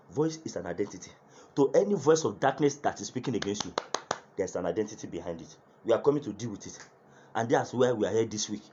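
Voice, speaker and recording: A man preaching a fervent sermon, speaking in tongues and leading loud prayer chants. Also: medium pitch. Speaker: pastor. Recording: dull, lo-fi sound.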